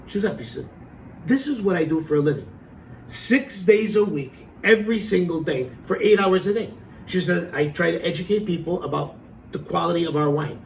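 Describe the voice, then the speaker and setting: A middle-aged man telling a story in a casual, animated way, acting out the quotes and laughing as he goes. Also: on the high side, vocal fry, recorded from a distance, a little hiss or hum, rough recording.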